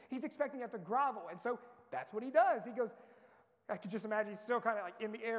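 A pastor delivers his sermon in a notably high voice for a man. He talks earnestly and conversationally, painting the story in vivid scenes. His words ring out with the long reverb of a large church sanctuary. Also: fast talker.

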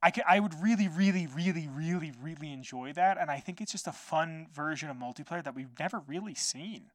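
Brief: male podcast host, rapid, loose and profane, dry close sound. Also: on the high side, dry recording. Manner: rambling, loose, swears, lots of "like" fillers. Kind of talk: casual solo podcast chat.

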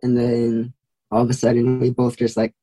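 A man's voice: mid-range voice, completely flat delivery, moderate pace, dark tone, husky, low-quality recording. A young man, a podcast guest, telling a story in a casual way with many "like"s and light laughs. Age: young adult. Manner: casual, filler-heavy with frequent "like", laughs lightly.

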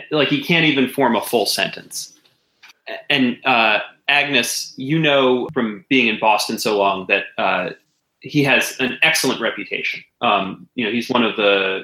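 Game master guy, bright voice, lots of ums and restarts, echoey room. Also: on the low side. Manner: relaxed, halting with many fillers. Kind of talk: narrating a tabletop game.

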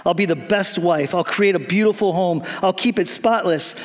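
A man's voice: high-pitched, normal speed, natural voice. A man voicing an eager, fickle young woman who gushes and bargains with her fiancé. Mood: gushing. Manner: pleading, bargaining, gushing.

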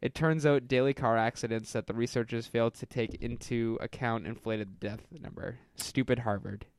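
A man's voice: mid-range voice, clean tone, no room sound. A man reads a wild listener story aloud on a podcast. He jumps between the characters' voices and keeps breaking into laughter. His voice sits in a middle register and sounds dry and close to the mic. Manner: reads dialogue with quick voice shifts, breaks into laughter. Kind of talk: casual reading aloud with chat.

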